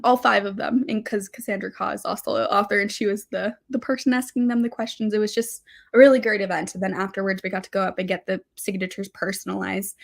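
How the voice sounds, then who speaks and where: A woman's voice: mid-range voice, gravelly. A young woman hosting a casual livestream, chatting in a bubbly way and reading out viewer comments. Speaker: livestream host.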